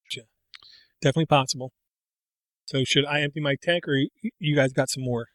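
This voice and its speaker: A middle-aged man in loose conversation, wandering into tangents and restarting his sentences. His voice sits a touch high for a man. It is recorded close and dry, with no room around it. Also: steady tone, a little fast, fairly bright tone, no echo. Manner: rambling, self-interrupting, tangents. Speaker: podcast co-host. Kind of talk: casual chat.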